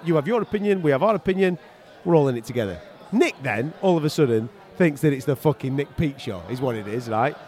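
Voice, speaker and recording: A man's voice: on the high side, expressive, fast, hardly any pauses, a little mellow. A man hosting a podcast, chatting casually from arena seats at a boxing event and teasing his co-host with laughing, sweary banter. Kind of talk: casual chat.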